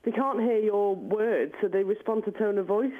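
A woman calling in to a radio phone-in, calmly explaining her view over the phone. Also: medium pitch, moderate pace. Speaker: caller. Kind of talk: phone-in chat. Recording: phone line.

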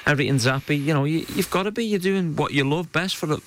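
Fast-talking footballer man. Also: a little high, a bit bright, slight background noise. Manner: fast, chatty, plain-spoken. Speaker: professional footballer and pundit. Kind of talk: radio sports chat. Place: radio studio.

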